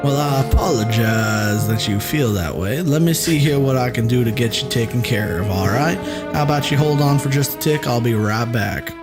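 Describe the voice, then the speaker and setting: A man putting on a slow, low Southern drawl as a polite customer-service persona. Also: music in the background, lightly acted. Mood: soothing.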